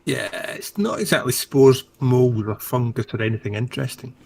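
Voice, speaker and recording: Casual chatty player, gravelly. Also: male voice, mid-range voice, moderate pace, a little mellow.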